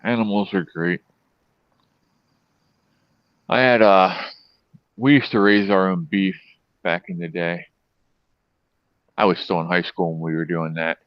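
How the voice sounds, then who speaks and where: Middle-aged man, low voice, rambling profane storyteller, lo-fi dry sound. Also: steady tone, measured pace, pauses often, no echo. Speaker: host. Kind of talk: casual storytelling chat.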